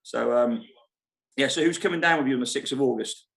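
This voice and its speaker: A man's voice: mid-range voice, creaky, a bit bright. Chatty man hosting a casual live stream. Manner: chatty, rambling, quick to laugh. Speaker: show host at a holiday park. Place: foyer of a holiday park club.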